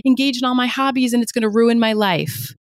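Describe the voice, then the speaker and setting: A woman voicing a catastrophizing inner pain voice, loud and anxious. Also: fairly high pitch, a little fast, dry recording, studio quality, voice pushed up, lightly acted. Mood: panicked.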